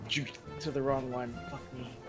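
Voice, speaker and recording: A man streaming a farming game, chatting casually, swearing often and breaking into high excited yelps. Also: moderate pace. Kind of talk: casual gameplay chat. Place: indoors at a gaming chair. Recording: stream with game music underneath. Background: game music.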